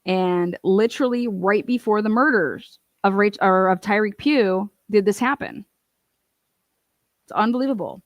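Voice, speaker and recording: A woman's voice: mid-range voice, a little slow, dry recording. Woman host, mid-range voice, fired-up casual commentary, dry close sound. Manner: emphatic, indignant, with frequent fillers and asides. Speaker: true-crime advocate host.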